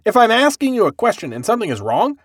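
A man's voice: high-pitched, huge pitch swings, fast, dry recording, clean studio sound. A man hosting a podcast, recapping an anime in casual, profane chat and acting out the characters' lines. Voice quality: bald-headed joker, swears freely. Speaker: podcast host.

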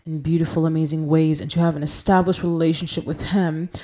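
Low, mellow-voiced woman podcast host. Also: little pitch movement, brisk. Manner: earnest, conversational, quotes and explains scripture; laughs at her own pronunciation. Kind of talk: Christian devotional podcast talk.

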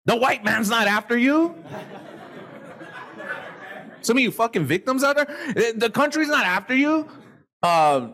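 Male motivational speaker, high voice, lively swings in pitch, blunt and foul-mouthed, live crowd in a hall. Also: measured pace, long pauses. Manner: profane, blunt, animated. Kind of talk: live seminar talk to an audience. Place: seminar hall with a live audience. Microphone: handheld microphone.

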